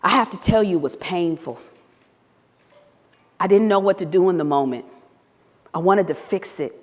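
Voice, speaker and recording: A woman and former teacher telling a personal story in a talk, animated and acting out the dialogue. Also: lowish voice, normal speed. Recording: long reverb of a hall.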